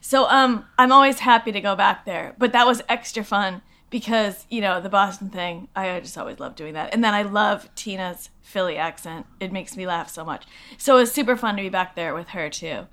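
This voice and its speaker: A middle-aged actress from Massachusetts, chatting as an interview guest, self-deprecating and full of fillers. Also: female voice, mid-range voice, moderate pace, a bit bright. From Lexington, Massachusetts. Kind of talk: casual interview chat.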